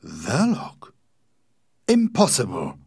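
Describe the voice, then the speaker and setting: A man reading the part of an agitated, angry male anarchist, pressing and indignant, in a husky, animated voice. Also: lowish voice, normal speed, no room sound, clean studio sound.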